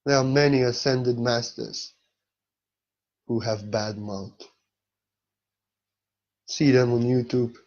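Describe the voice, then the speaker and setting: A man's voice: medium pitch, little pitch movement, slow, pauses often, darkish tone, lo-fi sound. A man speaking as a spiritual teacher in a blunt, emphatic monologue, with non-native phrasing and frequent swearing.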